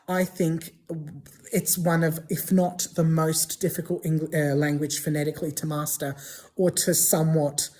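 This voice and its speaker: A woman explaining spelling and pronunciation to camera in a halting, casual way, with many fillers and restarts. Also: sits low, little pitch movement, dark tone. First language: not English. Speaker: language vlogger.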